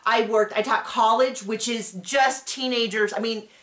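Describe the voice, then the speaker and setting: A woman's voice: on the high side, normal speed. Chatty woman recapping TV in an echoey room. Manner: animated, acts out quotes, rambling asides. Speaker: recap show co-host. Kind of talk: casual chat recapping a reality show.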